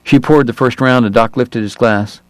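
A man reading a novel aloud in steady, measured narration. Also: mid-range voice, no room sound, poor audio. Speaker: audiobook narrator. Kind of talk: scripted narration.

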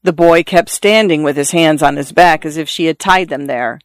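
A narrator reading a literary story aloud in a measured, even storytelling manner. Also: medium pitch, no echo.

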